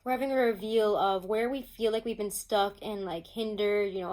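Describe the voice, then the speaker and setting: A woman's voice: mid-range voice, moderate pace, hardly any pauses, rough recording. Woman, chatty tarot reader, casual, lots of fillers, at home. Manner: chatty, animated, many "like" and "um" fillers. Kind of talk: casual tarot reading to viewers. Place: home with pets nearby.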